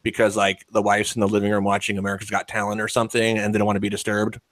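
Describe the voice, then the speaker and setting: A man's voice: lowish voice, monotone, rapid-fire, fairly bright tone, dry recording. A man hosting a casual podcast chat, rambling and profane, laughing often as he talks. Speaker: podcast host.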